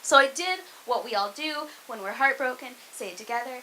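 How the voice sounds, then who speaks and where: A woman's voice: a little high, fairly quick, hardly any pauses, pushed and bright, a little hiss or hum, low-quality recording. A young woman from the American South doing a conversational stand-up set in a comedy club, poking fun at herself and checking in with the crowd. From Arkansas, US South. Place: comedy club room with live audience.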